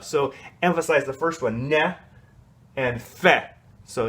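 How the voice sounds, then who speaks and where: A man teaching a children's choir, explaining solos in a relaxed, chatty way and singing short snippets to show how they go. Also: medium pitch, a little slow. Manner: casual, explanatory, sings short snatches to demonstrate. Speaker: music teacher. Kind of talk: coaching a kids' choir on song solos.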